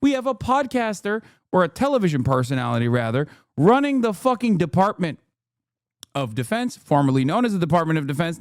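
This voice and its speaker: A man's voice: a little high, no echo. A man hosting a reaction stream, ranting sarcastically and swearing a lot, recorded close on a studio mic. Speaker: streamer host.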